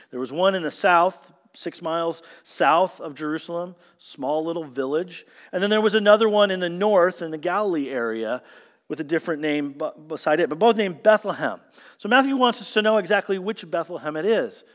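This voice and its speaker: A man preaching a sermon, telling the story with emphatic swings from loud stresses to hushed lines. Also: high voice. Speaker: pastor. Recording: long hall reverb.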